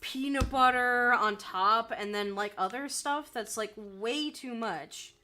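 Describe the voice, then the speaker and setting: Woman streamer, exasperated and stammery, unhurried, high and bright. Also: slight background noise. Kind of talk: casual chat on a call.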